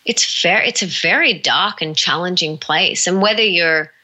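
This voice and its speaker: A woman's voice: lowish voice, moderate pace, bright, forceful tone, poor audio. A woman being interviewed as a motivational speaker, talking earnestly and with emphatic repetition. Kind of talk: heartfelt motivational talk.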